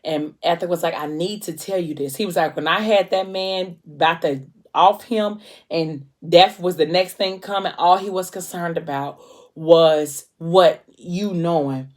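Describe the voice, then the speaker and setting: A woman's voice: lowish voice, measured pace, a little mellow. A woman with casually retelling a novel's plot, filling her talk with ums and briefly acting out the characters' lines. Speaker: book vlogger recapping a novel. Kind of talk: casual book recap.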